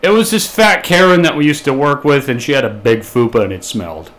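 A man's voice: mid-range voice, fairly quick, a bit bright. A man co-hosting a podcast, telling stories in a profane, rambling way with stammered restarts. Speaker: podcast co-host. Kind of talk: casual podcast chat.

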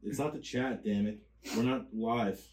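A man's voice: fairly low pitch, steady tone, moderate pace, darkish tone. A man co-hosting a podcast in casual chat, joking and blunt, swearing casually. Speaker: podcast co-host. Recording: echoey room.

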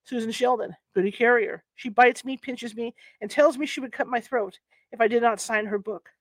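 A woman reads a historical book aloud for her channel, her voice sitting a little high. Between passages she drops into chatty asides, and she sometimes stumbles over the old wording. The sound is close and dry, with little room in it. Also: moderate pace, dry recording. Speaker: host of a paranormal reading channel.

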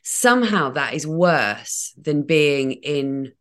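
A woman's voice: sits low, expressive, slow. A woman hosting a podcast, talking tentatively and searching for her words. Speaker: podcast host. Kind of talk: podcast conversation.

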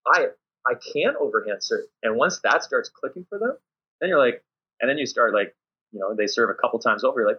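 A man, a volleyball coach, chatting casually in a podcast interview and acting out lively classroom scenes. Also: medium pitch, brisk, husky. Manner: animated storyteller acting out his players and himself. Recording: dull lo-fi audio.

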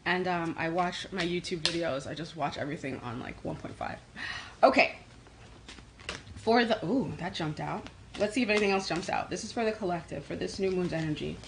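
A woman from New York with a New York accent, hosting a casual tarot livestream and answering comments in a quick, energetic way. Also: fairly low pitch, creaky, noisy background. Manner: fast-talking, energetic, reads comments aloud. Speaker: livestream host doing tarot readings.

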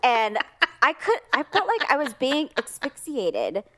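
A woman's voice: sits high, sing-song, measured pace, sharp tone. A middle-aged woman co-hosting a podcast, telling a story in casual chat, laughing often and acting out her own lines. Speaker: podcast co-host.

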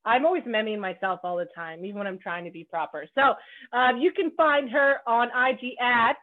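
Upbeat woman podcast host from Canada, fairly high voice, loose and joking, cheerfully profane, tinny narrow line. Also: normal speed. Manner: bubbly, joking, swears freely. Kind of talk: casual podcast chat. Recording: phone-like narrow band.

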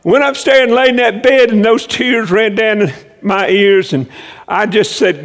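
A man's voice: sits high, a little slow, in a large hall. A man preaching a sermon testimony as an emotional storyteller who repeats words when he is moved.

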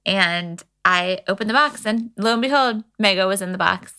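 A woman in her thirties co-hosting a podcast, telling stories in casual chat and leaping into high voices when she quotes. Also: normal speed, smooth. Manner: animated storyteller, jumps into high voices when quoting. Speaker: podcast co-host.

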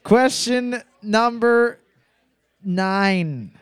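A man's voice: high voice, extremely slow, smooth, no echo. A man hosting a trivia night, joking and swearing through casual banter. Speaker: trivia host. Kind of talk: casual bar trivia hosting over a mic.

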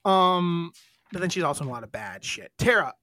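A woman's voice: on the low side, lively intonation, fairly bright tone, no echo, studio quality. A woman co-hosting a podcast in casual chat, brash and swearing, hurrying the talk along. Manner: brash, swears, rushes ahead. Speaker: podcast co-host.

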